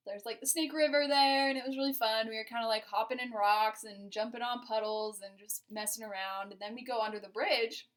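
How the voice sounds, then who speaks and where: A woman's voice: fairly high pitch, fairly even intonation, a little fast, hardly any pauses. Chatty, giggly young woman telling a story. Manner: chatty and giggly, heavy use of "like". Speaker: vlogger recounting a first date to her partner. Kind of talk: casual storytelling.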